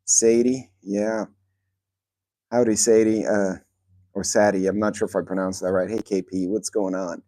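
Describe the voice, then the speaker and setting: A man's voice: deep voice, level tone, normal speed, hardly any pauses, warm tone, no room sound, clean studio sound. A man hosting a casual livestream from a grassy yard, reading names out of the chat and talking to his dogs. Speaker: channel host. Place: yard of a rental house, outdoors. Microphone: phone on speaker.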